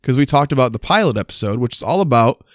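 A man in casual podcast chat, walking through a TV episode and breaking into quick impressions of the characters. His voice sits in a middle range and comes across close and dry, with no room around it. He swears casually and laughs as he goes. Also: medium pitch, no echo. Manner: animated retelling with quoted voices and frequent swearing. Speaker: podcast co-host.

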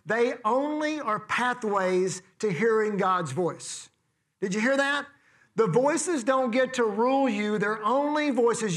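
A man's voice: extremely high pitch, a bit bright. A man preaching a sermon in a conversational way, asking the congregation rhetorical questions. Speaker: pastor.

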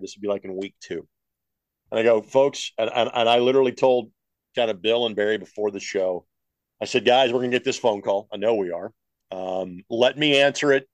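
Matter-of-fact broadcaster, dry close sound. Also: male voice, mid-range voice, normal speed, no room sound, low-quality recording. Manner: talks at length, steady and matter-of-fact, acts out what he told callers. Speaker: play-by-play broadcaster, guest. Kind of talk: interview, telling stories.

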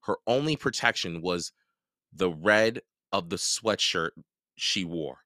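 A man hosting a podcast, reading a children's novel aloud in a lively, expressive way. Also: low voice, slow, dry recording, studio quality. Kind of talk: storybook read-aloud narration.

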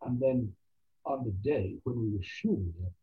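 Husky actor guy on a phone-ish line, pitch jumping all over as he tells stories. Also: normal speed, phone-quality sound. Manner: animated anecdotes with quoted voices. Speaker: actor guest. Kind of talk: casual interview storytelling.

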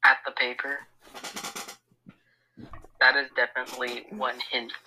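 A woman co-hosting a podcast who chimes in with short reactions. Her voice sits very low but has a sharp, bright edge. She sounds set back from the microphone. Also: flat delivery, measured pace, slight background noise, poor audio. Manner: brief reactive comments. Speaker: podcast co-host. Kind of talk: casual chat.

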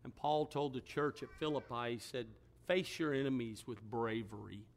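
A man's voice: mid-range voice, moderate pace. Pastor, a man telling a story, then preaching with rising emphasis. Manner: storytelling, drops to a hushed voice for quoted words, then rises with emphasis. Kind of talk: sermon.

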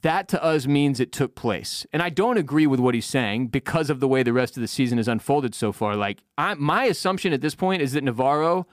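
A man's voice: mid-range voice, fast, hardly any pauses, dry recording, clean studio sound. A man co-hosting a podcast, recapping a TV episode in casual chat and acting out lines from it. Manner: animated, acts out quotes in put-on voices. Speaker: podcast co-host.

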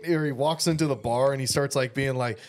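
A man's voice: mid-range voice, moderate pace. A man co-hosting a podcast, swearing freely and laughing as he gushes about a movie in casual chat. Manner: profane, enthusiastic, laughs often. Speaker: podcast co-host.

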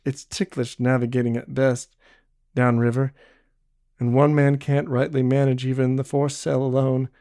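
A man doing a quiet, resolute young frontiersman. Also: medium pitch, little pitch movement, normal speed, dry recording, clean studio sound, close to an everyday voice. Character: young backwoods man, devoted and steady.

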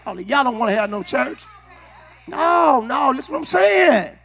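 A man preaching with a very high, bright, forceful voice. He works the congregation in call-and-response, repeats himself and restarts phrases, and climbs into shouting. He is in a church sanctuary. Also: big pitch swings, a little slow, creaky, soft background music. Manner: repeats words and restarts often. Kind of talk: sermon.

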